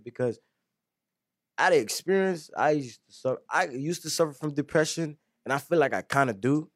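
A man's voice: fairly high pitch, lively intonation, fairly quick, no echo. Earnest man in dry close talk. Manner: earnest, says "bro" often. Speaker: co-host. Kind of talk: casual faith discussion.

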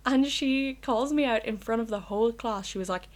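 A woman's voice: fairly high pitch, normal speed. A young woman with an Irish accent, hosting a solo podcast from her bedroom in a candid, rambling way, swearing freely. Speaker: podcast host. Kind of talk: casual solo podcast chat.

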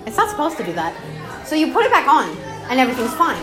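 High-pitched young woman rambling casually. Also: big pitch swings, fast talker. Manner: rambling, laughing, swearing, slangy. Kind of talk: casual recorded chat about game lore. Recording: roomy echo with music behind. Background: clear music.

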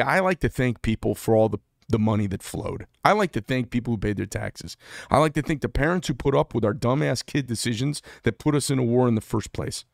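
A man's voice: mid-range voice, gravelly, dry recording, clean studio sound. A middle-aged man who served in the military gives a candid, rambling monologue, blunt and prone to restarting his sentences. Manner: blunt, rambling, self-interrupting. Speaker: veteran vlogger.

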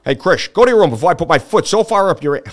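A man's voice: fairly high pitch, animated, rapid-fire, voice pushed up, natural voice. A man impersonating a bumbling, blustery cartoon father who bosses his kids around with lots of "hey" and "uh.". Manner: blustery, crude, throws in "hey" and "uh". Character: bumbling loud cartoon dad, crude and blustery.

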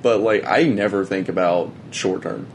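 A young man co-hosting a podcast in casual chat, agreeable and soft-spoken. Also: low voice, normal speed, a little hiss or hum. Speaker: podcast co-host.

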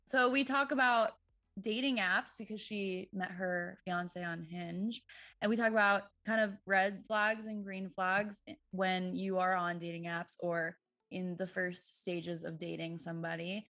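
A woman in her twenties co-hosting a podcast, chatting casually with laughs and quick asides. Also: fairly low pitch, steady tone, fairly bright tone. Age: 20s. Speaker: podcast co-host. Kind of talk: casual chat.

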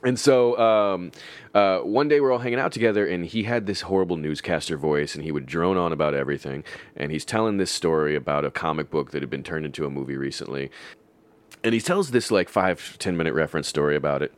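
A man's voice: deep voice, fairly quick. A man in his thirties casually telling a profane, laugh-filled story about old coworkers on a podcast. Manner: swearing, laughing storyteller who mimics coworkers. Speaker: guest storyteller.

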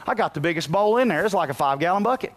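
A man preaching a sermon as pastor, moving from quiet asides to loud bursts and telling folksy, humorous stories. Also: high voice, lively intonation, racing, slight background noise.

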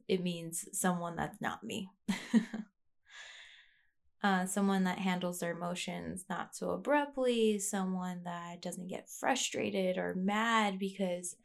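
A woman's voice: lowish voice, gravelly. A woman talking in a rambling, candid way, as a vlogger sharing a personal rant. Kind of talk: casual confessional monologue.

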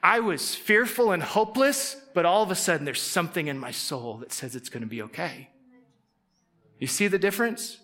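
Male preacher, higher than average, bright tone, chatty sermon delivery with playful asides. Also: expressive, moderate pace. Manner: conversational, jokes with the audience, acts out inner voices. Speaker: pastor.

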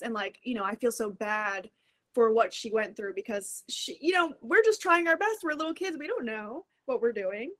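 An empathetic woman hosting a casual interview, asking questions. Her voice sits a little higher than most women's. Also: lively intonation, moderate pace, a bit bright. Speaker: podcast host.

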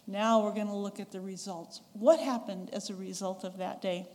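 Preaching in a conversational way, a female pastor with a Western American accent from the western US chuckles and gives voice to the people she quotes. Her mid-range voice is a little mellow, with fairly even intonation, a moderate pace and few pauses. The recording carries the long reverb of a church sanctuary.

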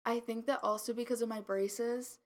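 Rambling young woman, higher voice. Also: steady tone, moderate pace. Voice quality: slight mumble. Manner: rambling, lots of "like" fillers. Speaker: podcast co-host. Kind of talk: casual chat.

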